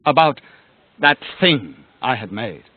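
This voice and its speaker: A man narrating a storybook on cassette, dramatic, sinking to a hush at the quiet moments. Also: mid-range voice, sing-song, takes it slowly, dry recording. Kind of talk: cassette audiobook reading. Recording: tinny lo-fi cassette with music.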